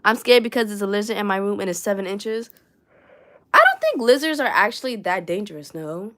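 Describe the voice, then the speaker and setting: A woman's voice: medium pitch, sing-song, brisk, a bit bright. A young woman with a New York accent, chatting casually and rambling on a crochet livestream from her room at home, swearing now and then and reading viewer comments aloud. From New York City.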